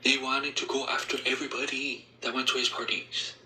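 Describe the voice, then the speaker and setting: A man doing an open-mic stand-up set, talking in a slow, deadpan way and laughing at his own jokes. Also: medium pitch. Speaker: stand-up comedian. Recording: echoey room with loud ambient noise.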